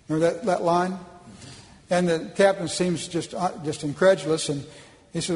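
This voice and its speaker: A man's voice: fairly high pitch, steady tone, brisk, darkish tone, long reverb tail, rough recording. A man from Oklahoma giving a public speech with slides at a policy conference, folksy and emphatic, often restarting his sentences.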